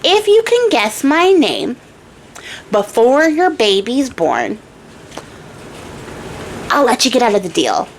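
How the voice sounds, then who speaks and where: Woman doing a flippant little trickster man, offhand slangy talk, fairly high voice. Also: big pitch swings, slow pace, long pauses, slight background noise, heavily acted, low-quality recording. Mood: teasing. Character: mischievous little man, a magical deal-maker.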